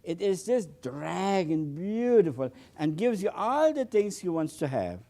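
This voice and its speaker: An older man teaches painting in a mellow, warm voice, taking his time between phrases. He breaks into delighted exclamations and stumbles over his words as he works the paint. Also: high voice, very animated, unhurried. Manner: enthusiastic, exclaims often, repeats words, non-native phrasing. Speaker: painting instructor. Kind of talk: painting demonstration.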